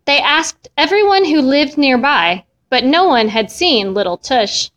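A woman reading a children's story aloud with an expressive, melodic delivery. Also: sits high, unhurried. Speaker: storybook reader.

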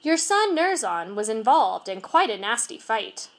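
A woman reading aloud, voicing a male school principal who speaks in a formal, measured, official way. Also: a little high, sing-song. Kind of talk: storybook reading.

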